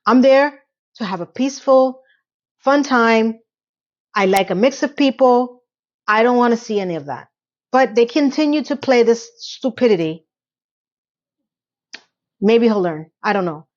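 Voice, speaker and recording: A woman giving a casual, opinionated TV recap, chatty and rambling with quick asides, now and then acting out lines from the show. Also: a little high, expressive, lo-fi sound. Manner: acts out characters' lines in quick quotes. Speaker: TV recap reviewer.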